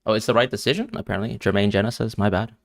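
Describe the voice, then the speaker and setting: A man's voice: fairly low pitch, fairly even intonation, very fast, gravelly, no room sound, clean studio sound. A man streaming live and reacting emotionally to a football match as he watches, talking to his viewers.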